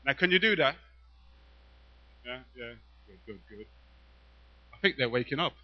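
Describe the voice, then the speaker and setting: A man's voice: medium pitch, lively intonation, a little slow. A man performing spoken-word poetry live to an audience, teasing the crowd and reciting in a playful, rhythmic way. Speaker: performance poet. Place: live venue in front of an audience. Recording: dull, muffled live recording.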